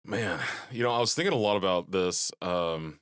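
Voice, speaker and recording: Deep-voiced male co-host, rambling, swears casually, dry close mic. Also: normal speed, fairly bright tone, smooth, no echo. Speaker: podcast co-host. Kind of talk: casual chat.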